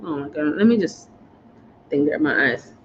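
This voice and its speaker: Chatty, emotional woman with a lowish voice. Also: animated, moderate pace. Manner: chatty, addresses viewers as y'all, choked up. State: choked up with emotion. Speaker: vlogger sharing moving-abroad experiences. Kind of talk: emotional personal storytelling. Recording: slightly dull, faint background hiss.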